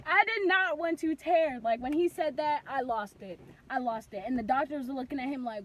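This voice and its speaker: A young woman telling a casual storytime vlog, rambling with lots of "like" and bursting into loud cries when she acts out moments. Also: high-pitched, moderate pace, a little hiss or hum. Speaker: vlogger.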